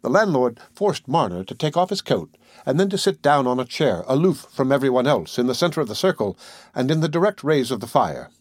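A man reading a classic novel aloud as an audiobook narrator, measured and deliberate. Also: mid-range voice, very animated, no echo, clean studio sound.

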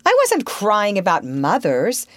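A woman's voice: a little high, huge pitch swings, a little slow, no echo, voice pushed up, full character voice. A woman voicing a cocky, proud boy who answers curtly and boasts. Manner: boastful and curt.

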